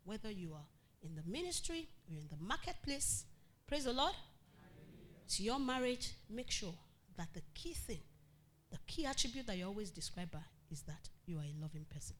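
A woman pastor preaching a sermon to a congregation, animated, acting out quotes and calling out loudly. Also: medium pitch, a little fast, slight background noise.

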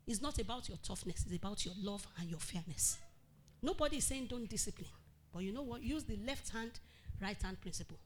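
A woman pastor preaching a sermon to a congregation, animated, acting out quotes and calling out loudly. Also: on the high side.

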